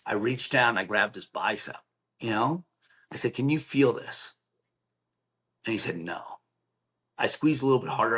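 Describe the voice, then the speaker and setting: A man's voice: mid-range voice, lively intonation, moderate pace, pauses often, a bit bright, slightly rough. A middle-aged man, a podcast guest, telling an emotional personal story in a plainspoken, earnest way, acting out the voices of the people in it. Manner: acts out quoted dialogue, earnest and plainspoken.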